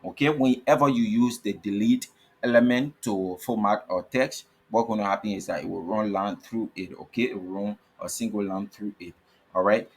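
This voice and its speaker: A low, husky-voiced man walks through a coding tutorial step by step. He spells tag names out letter by letter and keeps checking in with "okay?" as he repeats each point. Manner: repetitive, checks in with frequent "okay?". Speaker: coding teacher. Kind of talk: screen-recorded coding tutorial.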